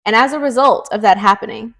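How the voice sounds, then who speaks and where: A woman's voice: a little high, fast. A young woman co-hosting a podcast, chatting animatedly as she retells a thriller's plot. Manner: chatty, animated storyteller, many "like" fillers. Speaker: podcast co-host. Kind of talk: casual book recap chat.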